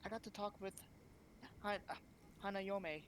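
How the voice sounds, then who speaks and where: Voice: mid-range voice, steady tone, a little slow, lightly acted. Small polite girl out at night read by a player, faint hiss behind. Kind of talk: voicing a visual novel live.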